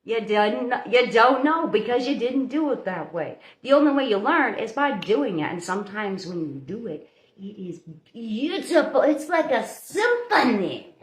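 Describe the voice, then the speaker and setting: Female host, motherly and chatty, casual live-stream pep talk, slightly high voice, echoey kitchen sound. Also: animated, moderate pace. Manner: chatty, motherly, talks straight to viewers. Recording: roomy echo.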